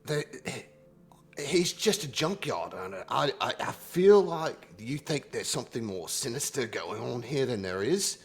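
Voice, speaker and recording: A cagey male meat vendor from a tabletop adventure, stumbling over his words and bristling at every question, as a man puts him on. His voice sits mid-pitch but swings up and down a lot as he gets flustered. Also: sing-song, a little slow, breathy edge, exaggerated voice. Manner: stammering, flustered, defensive. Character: shifty male street meat vendor, defensive.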